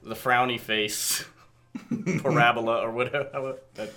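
A man's voice: mid-range voice, normal speed. A man co-hosting a podcast, chatting casually, joking and laughing a lot. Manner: lively, jokey, laughs a lot. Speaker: podcast co-host. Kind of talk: casual chat.

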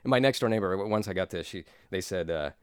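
A man's voice: deep voice, fast talker, clear, resonant tone. A middle-aged man, a voice-over artist and former radio DJ, chatting as a podcast guest in a playful, jokey way. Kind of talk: casual chat.

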